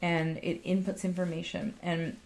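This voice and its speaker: Gravelly-voiced woman coach talking casually. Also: lowish voice, level tone, normal speed, a little mellow. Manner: emphatic, swears freely, restarts sentences. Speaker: life coach and podcast co-host. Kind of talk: casual chat.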